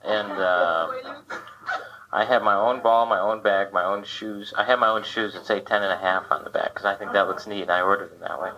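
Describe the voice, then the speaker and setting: A man's voice: on the low side, fairly even intonation, moderate pace, sharp tone. A male comedian doing a self-deprecating stand-up set, chatting with the crowd on a comedy club stage. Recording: dull, noisy live club tape.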